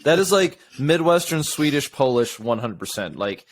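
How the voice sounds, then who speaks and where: A man's voice: mid-range voice, very animated, normal speed. Rambling podcast host man. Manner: rambling, self-interrupting questions. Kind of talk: casual conversation.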